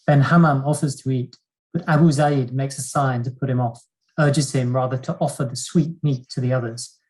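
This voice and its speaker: Guy reading an old-timey play scene out loud, mid-pitched voice, modest, trips over words a bit. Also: steady tone, normal speed, poor audio. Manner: modest, reads with some stumbles. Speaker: seminar participant reading aloud. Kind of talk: reading an old-style drama passage aloud.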